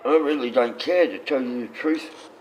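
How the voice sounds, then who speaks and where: A man's voice: mid-range voice, moderate pace, a little mellow, a little hiss or hum, low-quality recording. A man chatting casually on a livestream, rambling and swearing freely.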